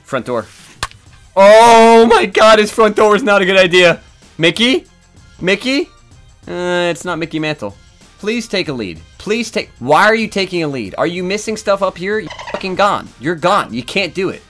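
A man commentating his own game with a very lively, jumpy pitch, dropping to grumbles one moment and shouting the next. He curses freely and talks straight at the players on screen. Faint game music sits under his voice. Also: moderate pace. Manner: swings from muttering to yelling, swears a lot. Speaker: gaming YouTuber. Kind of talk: excited live gameplay commentary.

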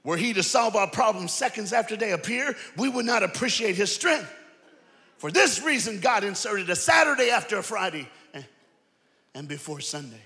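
Guy preaching loud and lively, kinda high voice, big echoey church. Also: moderate pace. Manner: animated, shouting preaching with crowd call-outs. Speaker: guest preacher. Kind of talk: energetic sermon. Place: large church auditorium. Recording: long hall reverb.

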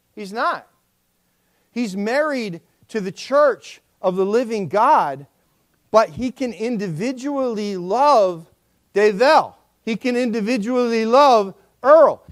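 A male pastor preaching a sermon in an emphatic style and calling on the congregation to respond. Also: high-pitched.

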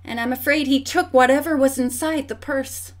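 A woman's voice: high-pitched, moderate pace, close to an everyday voice. Woman voicing a bold young girl detective. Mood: earnest. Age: young adult. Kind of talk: audiobook character voice.

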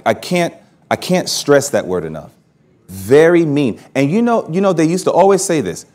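A man's voice: medium pitch, a little mellow. A man pastor preaching a sermon, telling his own story with humor and laughing at himself. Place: church hall at a camp meeting.

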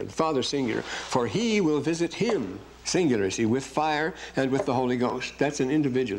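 Male lecturer, scripture class: reads verses aloud with emphasis, rambles, fumbles and corrects himself, average pitch. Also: darkish tone, a little hiss or hum.

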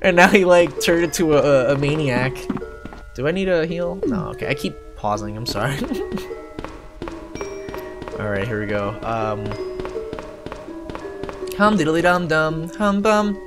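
Excitable, lively-voiced game streamer. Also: medium pitch, normal speed, long pauses. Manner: excitable and jokey, swears casually, laughs often; chats with viewers while playing. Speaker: live-streamer playing a horror video game. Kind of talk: casual live-stream game commentary. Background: game music.

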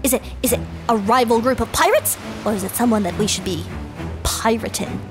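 A woman narrating a playful game story, excitable and chatty, with gasps and asides, over background music. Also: on the high side, a little fast.

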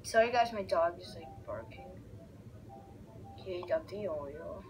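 Excitable woman gamer narrating gameplay; lively, unhurried delivery. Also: fairly low pitch, music in the background, poor audio. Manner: excitable, reacts loudly and narrates the on-screen action. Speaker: gaming video creator. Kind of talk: casual let's-play commentary.

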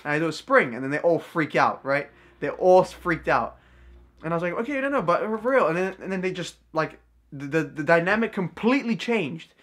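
A young male vlogger and card magician tells a story to camera in a light, slightly high, fairly bright voice at normal speed, his delivery loose, slangy and full of fillers.

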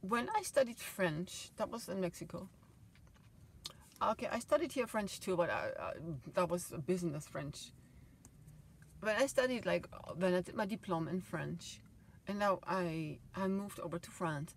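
A middle-aged woman tells a rambling personal story, her voice sitting a little low. She swings between loud, heated bursts and soft asides. A faint hiss of noise sits under the recording. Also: expressive, moderate pace. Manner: emotional, swings loud and soft, laughs often. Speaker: vlogger.

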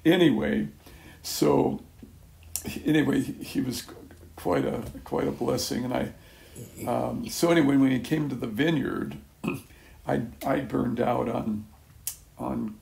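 An older man giving a casual spoken testimony to a small church group, rambling and halting with many restarts and soft chuckles. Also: medium pitch, creaky. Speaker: speaker at a church gathering.

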